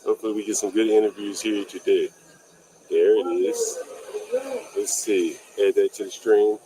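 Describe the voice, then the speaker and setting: A man's voice: fairly low pitch, flat delivery, normal speed, background noise. A man hosting a casual livestreamed street interview outdoors, talking in a loose, rambling way and swearing offhandedly. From Washington, DC. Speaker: host, landlord interviewer.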